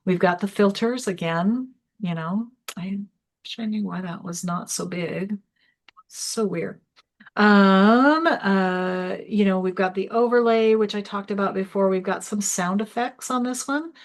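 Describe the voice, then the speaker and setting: A woman's voice: medium pitch, slow pace. A woman instructor giving a live online tutorial, chatty and explaining step by step as she clicks through an app. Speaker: small business workshop instructor.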